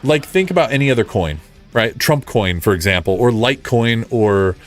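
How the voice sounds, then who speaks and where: A man hosting a casual livestream, ranting in an animated way, repeating himself and making sarcastic asides. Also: medium pitch, moderate pace, background noise. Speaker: livestream host. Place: home streaming setup.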